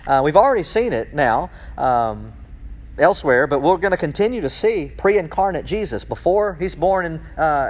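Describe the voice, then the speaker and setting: A man preaching in a church, his voice sitting a little higher than most men's. He reads scripture aloud and keeps breaking off mid-thought to question his listeners. His excitement climbs as he goes. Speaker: pastor. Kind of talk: sermon.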